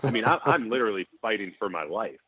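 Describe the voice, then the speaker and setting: A man from Saint Paul, Minnesota, a former football center, telling animated stories with laughs and restarts. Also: lowish voice, fast, breathy edge. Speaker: former NFL center, guest. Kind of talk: casual storytelling. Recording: tinny phone-like line, dry.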